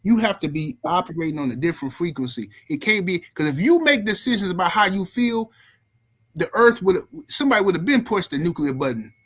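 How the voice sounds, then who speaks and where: A male podcast host with a fairly high voice tells stories with animated energy. He swears freely and talks over his co-hosts in loose commentary. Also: brisk, low-quality recording.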